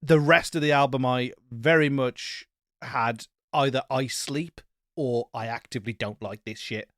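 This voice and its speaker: A man at a middle pitch talks bluntly and jokes his way through an album review, swearing casually. The sound is dry and close on a podcast mic, with no room around it. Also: measured pace, fairly bright tone, no echo. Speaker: podcast co-host.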